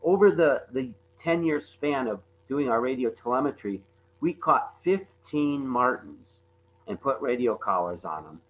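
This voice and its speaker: A man giving a conservation talk over slides, halting often and repeating words with many fillers. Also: medium pitch, lively intonation, fairly bright tone, muffled recording, slight background noise. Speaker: conservation presenter. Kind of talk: webinar slide presentation.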